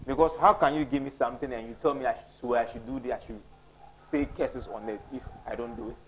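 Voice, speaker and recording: A man's voice: mid-range voice, steady tone, fast talker, a little hiss or hum, low-quality recording. A man with a Ghanaian English accent, a guest on a TV panel, talking insistently and repeating himself to make his point. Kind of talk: casual panel discussion.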